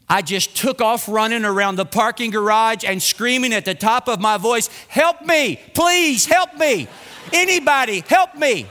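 A man's voice: high-pitched, pushed and bright. A middle-aged man telling a self-mocking, humorous personal story to an audience. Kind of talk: personal anecdote told to an audience. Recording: long reverb.

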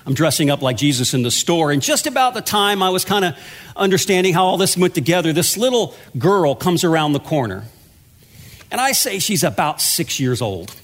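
A man's voice: sits high, fairly bright tone. A pastor delivering a sermon in a conversational, storytelling way, with humor at his own expense. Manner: conversational, self-deprecating storytelling.

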